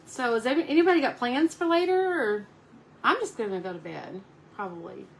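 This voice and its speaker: A woman with a fairly high voice talks casually on a live stream from home about her painting. She chats easily with viewers and keeps cooing at her dog. A faint background hiss runs underneath. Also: big pitch swings, fairly quick, creaky, poor audio. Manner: chatty, coos at her dog between crafting talk.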